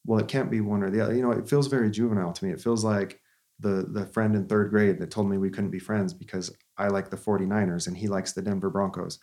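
A man's voice: on the low side, fairly even intonation, fast talker, warm tone. A therapist, a man in his thirties, telling a story in an earnest, conversational way with frequent restarts.

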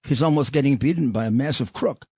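A man's voice: medium pitch, fast, dark tone, breathy edge, no echo. A man hosting a political talk show, talking bluntly and rambling, with frequent restarts. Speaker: podcast host.

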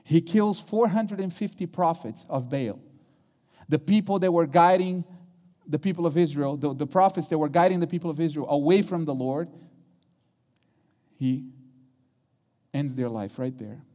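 A man's voice: a little high, moderate pace, pauses often, mellow, big-room sound. A man preaching a sermon, retelling a story dramatically and acting out the quotes.

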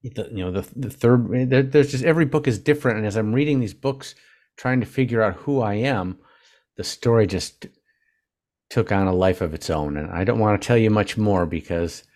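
Older male author guest, low voice, halting and heartfelt, restarts often. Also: a little mellow. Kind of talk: casual interview talk.

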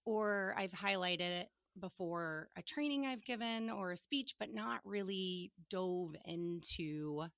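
A woman co-hosting a podcast, a grief therapist speaking candidly in an earnest, halting, emotional way. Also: medium pitch, creaky, a bit bright, no echo, clean studio sound.

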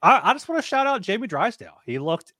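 A man's voice: sits high, very animated, fast talker, pushed and bright, no room sound, studio quality. A man co-hosting a sports betting podcast in a chatty, joking manner, reading promos. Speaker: podcast co-host. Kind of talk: casual podcast chat and ad reads.

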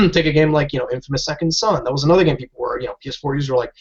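A man's voice: fairly high pitch, very fast, slightly rough. A man co-hosting a casual gaming podcast, ranting and swearing freely. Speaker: podcast co-host. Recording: dull lo-fi audio.

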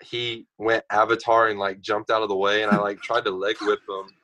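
A young man in his twenties, a podcast guest telling stories in a casual, animated way. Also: fairly low pitch, normal speed, rough recording. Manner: animated storyteller, acts out others' lines. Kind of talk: casual storytelling.

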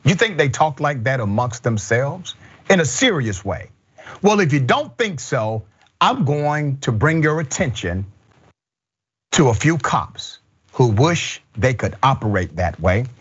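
A man's voice: mid-range voice, very animated, measured pace, a bit bright, husky, lo-fi sound. A man hosting a news commentary show, talking in an indignant, emphatic way. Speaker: host.

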